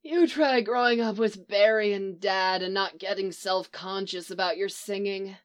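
A caring young woman speaks warmly to a guest, plain and friendly, read by a woman narrator. Her lines sound easy and kind. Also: mid-range voice, fairly even intonation, clean tone, natural voice. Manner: groggy muttering, then brisk. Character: warm young woman, just woken, caring.

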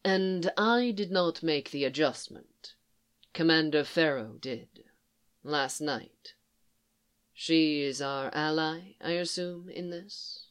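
A reader voicing a composed, formal male alien admiral who speaks in a measured, low and quiet way. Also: smooth. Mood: calm, formal.

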